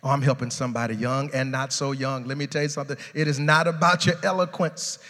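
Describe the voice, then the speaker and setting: A male pastor a sermon, dropping low and soft, then rising to loud, high shouting. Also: level tone, quick pace, big-room sound. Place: large church sanctuary.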